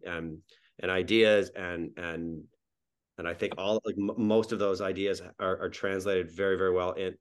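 A man from New Brunswick with a very deep, low voice talks as a podcast guest about his sitcom. He rambles along, restarting sentences and repeating words as he goes. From Miramichi, New Brunswick, Canada. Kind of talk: casual podcast interview.

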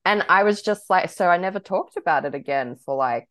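Young woman, podcast co-host: low pitch, bubbly, laughing, loose chatty delivery. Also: animated, a bit bright. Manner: bubbly, laughs often, talks in quick bursts with many fillers. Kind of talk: casual chat.

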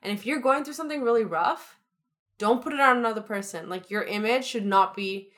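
A woman's voice: fairly high pitch, brisk, fairly bright tone. A young woman co-hosting a podcast, talking in an upbeat, chatty, motivational way. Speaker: podcast co-host. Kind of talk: casual chat.

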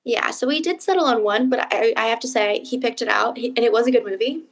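Young woman, podcast co-host, casual chat, animated storyteller who acts out her quotes, on the higher side. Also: fast. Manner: animated storytelling, acting out quotes with big pitch jumps.

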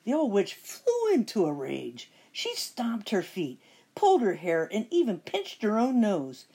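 A middle-aged woman reading a children's picture book aloud with expressive storytelling. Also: medium pitch, measured pace, slightly rough. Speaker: storybook reader.

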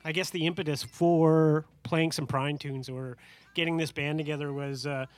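A man's voice: a little high, steady tone, moderate pace, dry recording, soft background music. A man leading a band, chatting between songs on a live stage in a laid-back, rambling way with lots of fillers. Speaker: band leader. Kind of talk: casual stage banter. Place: live outdoor stage show.

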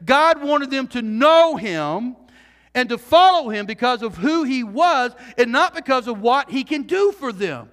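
A man preaching from the pulpit in a strikingly high voice, earnest and animated. He keeps asking his congregation questions and restarts phrases as he presses his point. His words ring out with a long reverberation in a large church hall. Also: measured pace. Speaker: pastor. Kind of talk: sermon.

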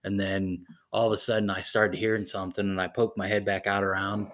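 A man's voice: lowish voice, level tone, fairly quick, a bit bright. A young man co-hosting a podcast, telling stories in a laid-back way with a lot of swearing. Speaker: podcast co-host. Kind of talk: casual chat, telling stories.

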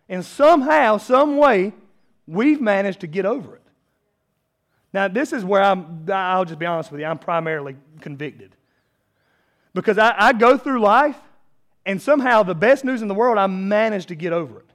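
A man's voice: sits high, animated, normal speed. A man in his thirties preaching a sermon as a pastor, conversational and self-deprecating, building to emphatic peaks.

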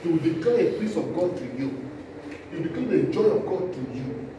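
A male preacher, delivering an impassioned sermon, acting out scenes and swinging from loud cries to low asides. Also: lively intonation, brisk. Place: church hall. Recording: echoey hall, distant mic, noisy.

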